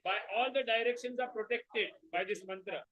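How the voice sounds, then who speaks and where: A man's voice: very high voice, a little fast, dull audio, a crowd in the background. A man teaching a scripture class, prompting the reader with short questions and repeating key words back.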